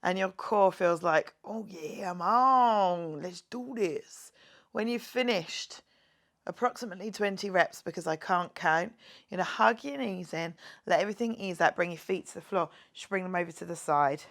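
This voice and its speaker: A woman's voice: fairly low pitch, normal speed. Playful woman leading a workout. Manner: playful, jokey, counts reps aloud and cheers on. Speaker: fitness instructor. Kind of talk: guided home workout class.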